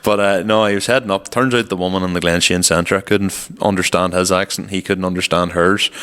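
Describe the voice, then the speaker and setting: A man's voice: low-pitched, fairly even intonation, a little fast, few pauses, fairly bright tone, clean tone. A young man co-hosting a podcast, telling rambling stories with casual swearing. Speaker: podcast co-host. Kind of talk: casual chat. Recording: long reverberant room.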